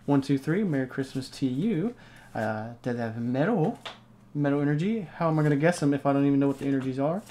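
A man hosting a casual unboxing video, talking excitedly and rambling as he opens card packs. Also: mid-range voice, brisk, a little hiss or hum. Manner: excitable, rambling, hyped reactions. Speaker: card-opening channel host.

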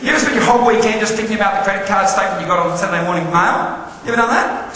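A man delivers a motivational keynote with a bright, fairly high voice, tossing questions at the audience. His voice rings through a large, very echoey hall with a long reverb tail and faint ambience underneath. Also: racing, few pauses, slight background noise. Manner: animated, quizzes the audience. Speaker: motivational speaker. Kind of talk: live keynote talk to an audience.

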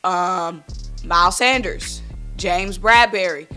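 Fired-up woman with a bright voice. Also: fairly low pitch, slow, faint music behind. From Philadelphia. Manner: animated, worked-up, blunt, speaks to viewers as y'all. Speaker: sports vlogger. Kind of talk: casual sports opinion vlog.

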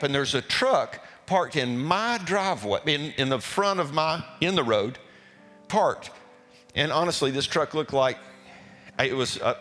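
A mid-pitched male pastor gives a storytelling testimony to his congregation, chatty, animated and folksy, stumbling over and repeating words. The recording comes from a reverberant church sanctuary with faint music in the background.

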